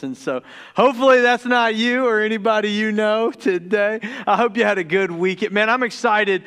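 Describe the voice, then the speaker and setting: A Deep South pastor delivers a casual, joking sermon in a church sanctuary, tripping over his words when he gets excited. He speaks smoothly at a normal speed.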